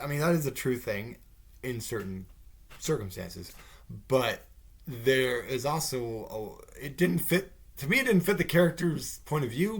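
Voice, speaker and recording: A man hosting a podcast, ranting casually in a rambling way, swearing and mimicking people mockingly. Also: mid-range voice. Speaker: podcast host. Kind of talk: casual rant.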